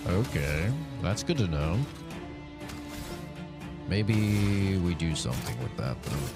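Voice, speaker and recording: A man's voice: low-pitched, expressive, slow, loud music behind the voice. A young man streaming a game from his home setup, chatting casually and rambling to his chat between fights. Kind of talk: casual live-stream commentary.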